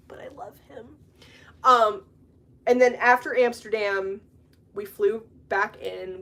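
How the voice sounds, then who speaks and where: A young adult woman hosting a podcast, chatting casually and telling stories in an animated way, laughing often. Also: on the high side. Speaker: podcast host. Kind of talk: casual chat.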